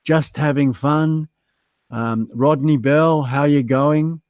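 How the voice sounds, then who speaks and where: A man's voice: a little high, steady tone, slow pace, darkish tone, dry recording. An Australian man hosting a casual livestream chat, reading out the chat and joking about being stood up, with lots of ums and uhs. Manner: chatty, self-mocking, reads chat aloud with many ums. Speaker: livestream guest host.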